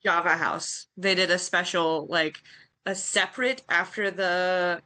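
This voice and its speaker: A woman's voice: lowish voice, steady tone, measured pace, pushed and bright. A woman from Georgia co-hosting a podcast, laid-back and chatty. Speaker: podcast co-host. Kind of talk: casual chat.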